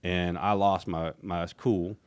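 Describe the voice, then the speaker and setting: A middle-aged man, an interview guest recounting a story in a casual, animated way, acting out what others said. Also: low voice, slow, clean tone. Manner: animated retelling, acts out quoted voices, frequent restarts. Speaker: interview guest, former team executive.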